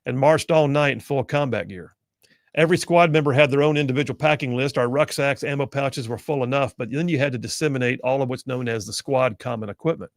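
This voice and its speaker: This is a man with a gravelly, textured voice delivering a radio talk monologue. He speaks earnestly and conversationally, as if to one listener. The sound is dry and close, the kind you get from a studio microphone. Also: mid-range voice, no room sound. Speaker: radio talk show host.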